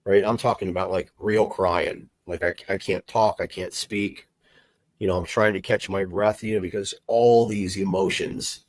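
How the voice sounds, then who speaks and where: A middle-aged man telling his personal story as a podcast guest, heartfelt and halting, with many fillers and restarts. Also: low voice, a little mellow, dry recording, low-quality recording. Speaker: guest, recruiter and agency owner.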